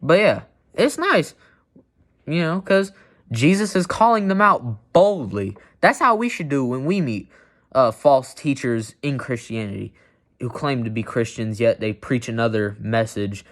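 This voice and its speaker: A man's voice: medium pitch, lively intonation, unhurried, a bit bright. A man reading Bible verses aloud and commenting on them bluntly and emphatically, with many "you know" fillers.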